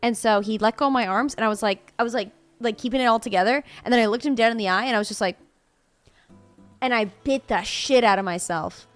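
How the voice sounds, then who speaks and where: Brief: young adult woman streamer, slightly high voice, loose playful banter with faint guitar music behind. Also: quick pace. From Florida. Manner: playful, laughs often, swears casually. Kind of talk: casual live-stream chat.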